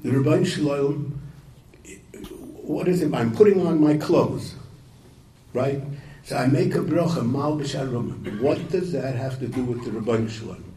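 A man telling a story and talking to yeshiva students, halting and repeating words, with Yiddish and Hebrew terms. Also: mid-range voice, dark tone. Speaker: speaker addressing yeshiva students. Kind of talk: informal talk to students, storytelling. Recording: echoey room, voice from far off, faint noise.

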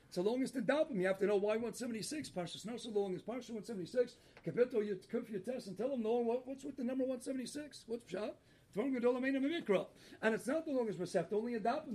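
A man with a very high voice leads a Torah lecture and strings one rabbinic story into the next. He talks in an animated, quick way and keeps laughing at his own punchlines. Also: slightly rough.

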